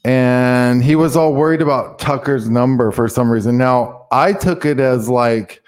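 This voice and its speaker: A man's voice: mid-range voice, measured pace, few pauses. A man, a guest, rambling through a casual story and acting out the quoted dialogue. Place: in Mexico.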